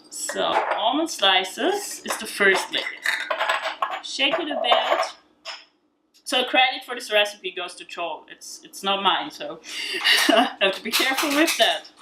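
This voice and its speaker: A woman's voice: mid-range voice, noisy background. A woman with an Austrian accent giving a casual, chatty cooking demonstration in a home kitchen, with many fillers and frequent laughs. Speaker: home cook demonstrating a recipe.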